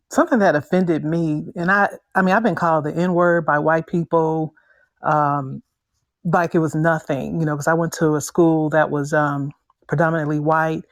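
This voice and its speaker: A woman's voice: low voice, no room sound. Earnest older woman, dry sound. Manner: earnest and measured, with restarts. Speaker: panelist. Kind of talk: personal story in a panel chat.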